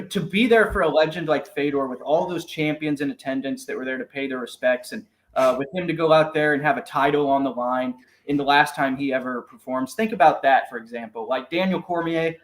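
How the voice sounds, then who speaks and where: A man hosting a casual podcast, talking in a measured, reflective way with some fillers. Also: medium pitch. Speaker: podcast host, MMA reporter.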